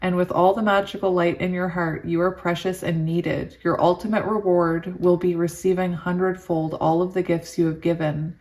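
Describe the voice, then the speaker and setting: Tarot reader, female, slightly low voice; slow soothing card reading, excitable laughing asides. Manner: giddy and excitable, laughs often. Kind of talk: reading oracle cards aloud with chatty asides.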